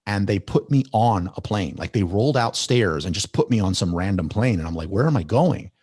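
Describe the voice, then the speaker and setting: A man guest on a podcast, telling a long story in a rambling, animated way with many restarts. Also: low voice, brisk, husky, no echo. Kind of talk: casual storytelling.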